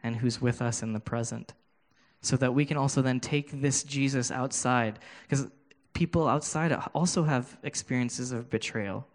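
A man giving a sermon with a personal testimony, earnest and halting, often restarting his words, speaking into a handheld microphone. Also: mid-range voice. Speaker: preacher.

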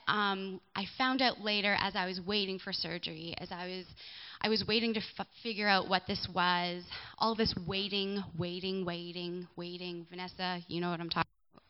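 Speaking in a steady, clear, resonant mid-range voice at normal speed, a young woman tells her personal testimony to a live audience in a church hall. She's candid and chatty, tossing asides to listeners, though the recording sounds muffled.

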